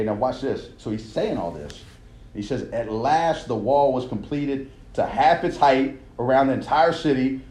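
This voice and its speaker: A young man, a coach, giving an emphatic, conversational sermon and checking in often with his listeners. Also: medium pitch. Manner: emphatic, conversational preaching with frequent "all right?" check-ins. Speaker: coach leading a devotional. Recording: echoey room.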